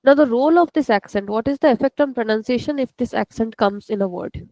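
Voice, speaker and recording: A woman's voice: on the high side, mellow, dry recording, low-quality recording. Patient woman teaching a language class. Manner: patient, repeats words slowly for students. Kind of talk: live online lesson.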